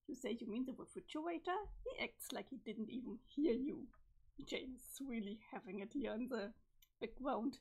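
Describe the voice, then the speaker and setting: High-pitched woman streamer, slightly strained voice, casual reading with reactions. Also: a little mellow, slightly rough. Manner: swears casually, quick reactions. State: voice strained from allergies. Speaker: streamer reading a webcomic aloud. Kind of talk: casual read-aloud with commentary.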